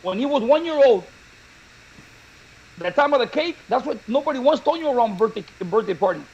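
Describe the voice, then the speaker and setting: A man co-hosting a talk show, telling funny stories in a lively, laughing way. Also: extremely high pitch, a little fast, lo-fi sound, a little hiss or hum. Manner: animated, laughing storyteller. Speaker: show co-host. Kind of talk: casual storytelling chat.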